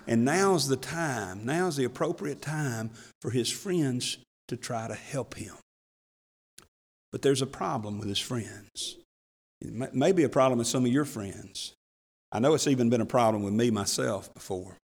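A man preaching a sermon as pastor, folksy and chuckling, swinging between hushed asides and raised emphasis. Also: medium pitch, expressive, measured pace. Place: church sanctuary. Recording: long hall reverb from church.

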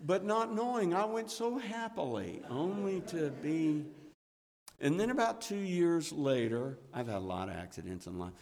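A middle-aged man preaching a sermon, telling personal stories earnestly and building with excitement. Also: fairly high pitch, normal speed, vocal fry. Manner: earnest storytelling, swelling with excitement. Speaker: church elder preaching. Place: church sanctuary. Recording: long church hall reverb.

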